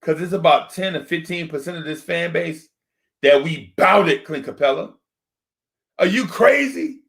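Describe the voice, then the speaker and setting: A man rants into a desk microphone, his voice sitting a touch high for a man. He is animated and repetitive and keeps circling back to the same shouted questions. He sounds like a sports fan host on a live stream. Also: normal speed, gravelly.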